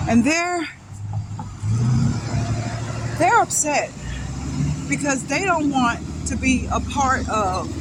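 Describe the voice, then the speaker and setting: A woman from North Carolina telling a painful personal story in a halting, sighing way, with restarts. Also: high voice, background noise. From North Carolina, USA. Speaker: vlogger telling her life story.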